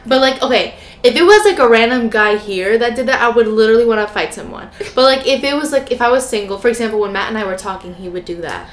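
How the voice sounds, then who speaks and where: A woman's voice: on the high side, fast talker, hardly any pauses. A young adult woman co-hosting a podcast, chatting casually with playful teasing and lots of "like". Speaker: podcast co-host. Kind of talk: casual chat. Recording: echoey room with faint noise.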